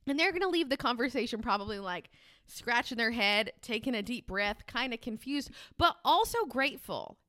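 A young woman talks straight to listeners in a casual podcast monologue, candid and blunt, swearing without a second thought. Her voice sits a little high. The sound is dry and close, with no room around it. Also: lively intonation, normal speed, bright, forceful tone, dry recording. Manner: candid, swears casually, acts out sample dialogue. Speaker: podcast host.

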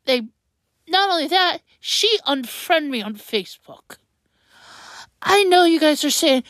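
A woman hosting her own podcast, upset and near tears, rambling and tripping over her words. Her voice sits a little high and she speaks slowly and haltingly. The sound is close and dry. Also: expressive, a bit bright, no room sound. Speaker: podcast host. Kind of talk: personal monologue podcast.

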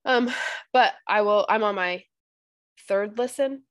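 A woman's voice: mid-range voice, slow pace, no room sound. A young woman hosting a podcast, chatting casually and telling stories with frequent restarts. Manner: chatty, storytelling, many restarts. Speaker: podcast host.

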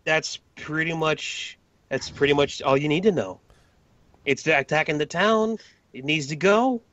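Higher voiced guy player, flippant, stumbles, dull lo-fi mic. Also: measured pace, a bit bright. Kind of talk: playing a character in a tabletop game.

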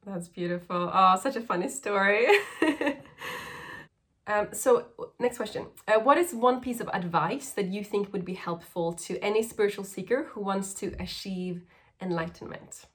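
A woman's voice: mid-range voice, normal speed, a bit bright. A woman hosting a casual interview, chatty and full of "like". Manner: chatty, uses filler "like" often. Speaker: podcast host.

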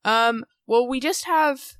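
A woman's voice: on the high side, slow pace, fairly bright tone, smooth, no echo. A young woman co-hosting a podcast, summarizing a novel in a casual, rambling way with many fillers. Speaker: podcast co-host. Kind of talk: casual book discussion.

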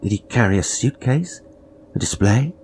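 Male narrator for a classic horror story, very low voice, grave and measured, faint background hiss. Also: animated, creaky, a little mellow. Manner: measured, grave, dropping to whispers. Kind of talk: dramatic horror story reading.

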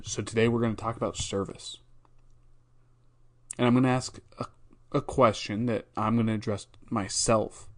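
A man's voice: lowish voice, a little mellow. A man hosting a podcast, talking through a Bible verse in a casual, thoughtful way, with frequent fillers and restarts. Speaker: podcast host.

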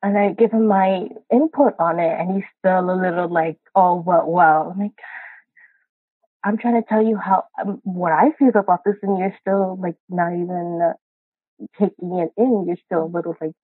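A woman calling in to a podcast, venting about her partner in a halting, frustrated way with a husky voice. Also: lowish voice, fairly even intonation, dry recording. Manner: frustrated, halting, many restarts. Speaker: caller. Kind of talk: live call-in chat. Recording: dry tinny call line.

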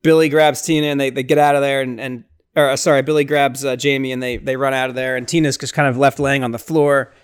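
A man's voice: fast, clean tone. A young man hosting a podcast, casually recapping a horror film with lots of fillers and briefly acting out the characters' lines. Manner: excitable, lots of fillers, acts out lines in high voices. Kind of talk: casual movie recap chat.

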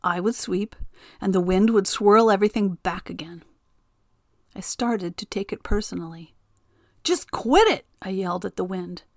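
A woman narrating a storybook tale in a gentle, expressive way. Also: medium pitch, moderate pace, creaky, no room sound, studio quality.

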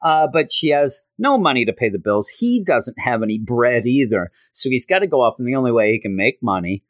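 A man hosting a podcast, casually recapping a comic with an animated delivery and quick high-pitched character voices. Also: dry recording. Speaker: podcast host.

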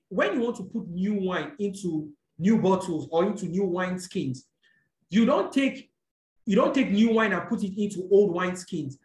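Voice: medium pitch, darkish tone. A preacher teaching a sermon, explaining scripture step by step, often checking in with the listeners and correcting small slips. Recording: echoey room.

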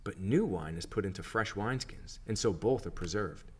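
A man reading scripture aloud, speaking the words of a calm, authoritative male teacher in a measured, even way. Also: on the low side, breathy edge.

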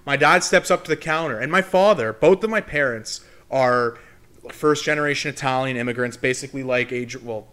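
A young Canadian man on a podcast, telling a story in animated, casual chat and swearing freely. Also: mid-range voice, brisk. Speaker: podcast co-host.

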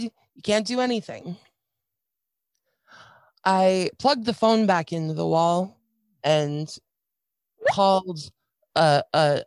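A middle-aged woman telling a painful personal story in a candid, halting way, with many restarts and dry, wry asides. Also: on the low side, steady tone, darkish tone, no echo. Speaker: guest sharing a personal story.

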